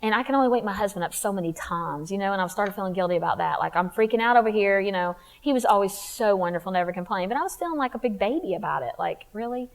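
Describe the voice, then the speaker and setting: A woman's voice: mid-range voice, expressive, fast talker, few pauses. A woman speaking at a women's church conference, sharing a personal testimony in a conversational, confiding way with emphatic rises.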